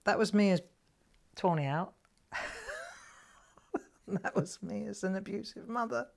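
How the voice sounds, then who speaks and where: A woman's voice: medium pitch, normal speed, vocal fry. A middle-aged woman hosting a live crafting show from home, chatting and telling a rambling story while she paints. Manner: chatty, rambling storyteller who laughs often. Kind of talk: live crafting demonstration with chat.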